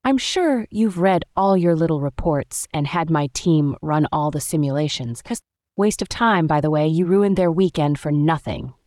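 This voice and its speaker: A woman's voice: deep voice, animated, normal speed, warm tone, no room sound, studio quality. A woman doing a sardonic cocky engineer. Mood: dismissive. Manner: dismissive and mocking. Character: cocky rule-breaking male engineer, sardonic.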